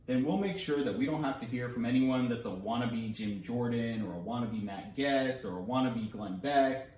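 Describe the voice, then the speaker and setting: Here the congressional candidate's medium-pitched voice sounds a little mellow at a moderate pace. He walks through a scripted policy explanation with wry, playful emphasis, recorded in an echoey space.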